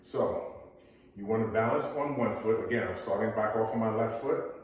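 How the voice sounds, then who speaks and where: A man's voice: fairly low pitch, normal speed. A man leading a basic workout class, giving coaching cues and counting down the reps. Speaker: fitness instructor. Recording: very echoey room, mic far off.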